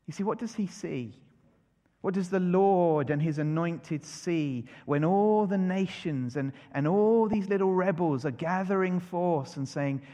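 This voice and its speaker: A man preaching in a sermon, his voice sitting a little high for a man. He leans on rhetorical questions and swells into emphatic declarations. A long reverb trails his words, as in a church hall. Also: a little mellow.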